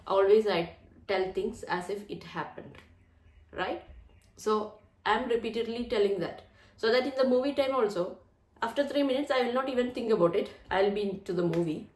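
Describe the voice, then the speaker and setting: A woman hosting her own channel, talking in an earnest, chatty way and often repeating phrases. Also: mid-range voice. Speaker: channel host. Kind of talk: casual chat to camera. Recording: roomy echo.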